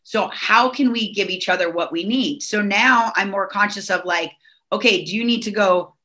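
A woman's voice: mid-range voice, normal speed, sharp tone. A middle-aged woman from Southern California, a guest on a podcast, talking in a chatty way full of fillers and restarts. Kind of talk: casual podcast chat.

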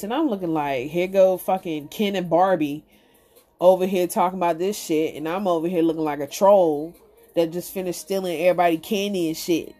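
A woman's voice: fairly low pitch, brisk, warm tone, soft background music. A woman host telling a comic story in a casual, profane and exasperated way. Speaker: podcast host.

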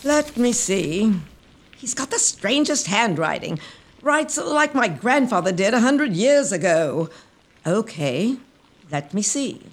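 An actress playing a fussy elderly aunt who talks slowly and muses as she reads aloud, in an audio drama. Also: medium pitch, very animated, exaggerated voice. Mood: musing. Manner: slow, musing, reads aloud haltingly.

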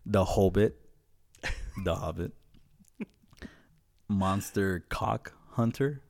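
Low-voiced male podcast host, loose and profane, quick to laugh. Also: gravelly, a little mellow. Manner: profane, rambling, laughs often. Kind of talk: casual chat.

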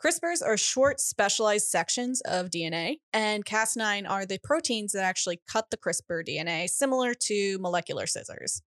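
A woman's voice: mid-range voice, animated, normal speed, few pauses, a bit bright, no room sound. Woman explaining science, dry sound. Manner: explanatory, laughs easily. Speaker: podcast co-host. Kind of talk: casual science chat.

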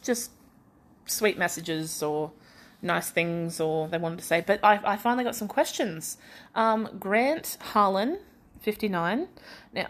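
Her voice sits on the low side as this young Australian woman runs her podcast in a casual solo chat. She comes across feverish and self-deprecating, rambling with frequent restarts.

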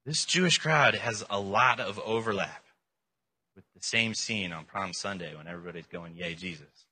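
A man giving a casual sermon, irreverent and animated, retelling a scripture story in everyday words. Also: on the low side, normal speed, slightly rough. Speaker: preacher.

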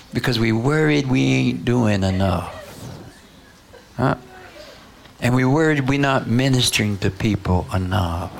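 Gravelly, slow-preaching man. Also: medium pitch, a little hiss or hum. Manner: call-and-response preaching, frequent "Huh?" and "you know". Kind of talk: sermon.

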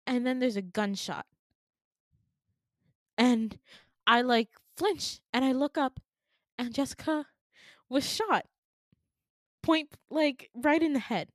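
A woman with a fairly high voice tells her dream to podcast listeners in a casual, animated way. She acts out her own lines and swears freely. The sound is dry and close. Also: no echo. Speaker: podcast co-host.

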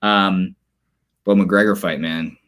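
A man co-hosting a podcast, chatting casually about sports with animated storytelling and quick asides. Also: deep voice. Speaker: podcast co-host.

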